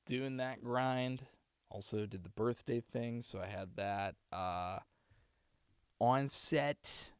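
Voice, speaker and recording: Man, young adult, put-on Boston accent, gravelly, low voice, dry close sound, rambling casual stream chat. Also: no echo. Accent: Boston, put on for practice. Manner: rambling, restarts often, warm thanks to viewers. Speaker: streamer and voice actor. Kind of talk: casual chat signing off a livestream. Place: home streaming setup downstairs.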